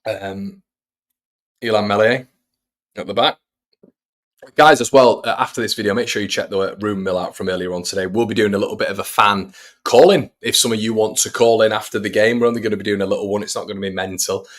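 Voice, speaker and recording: A man's voice: fairly low pitch, steady tone, brisk, a bit bright. A man hosting a live fan watch-along, giving casual play-by-play and chatting to viewers between the action. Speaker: fan channel host.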